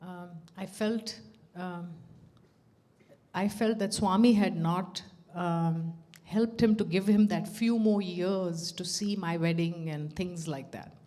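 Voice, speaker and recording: A woman's voice: lowish voice, slow pace. A middle-aged woman telling a personal story at a devotional gathering, laughing often and acting out the dialogue. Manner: animated, laughs often, acts out quoted dialogue. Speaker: speaker at a devotional center.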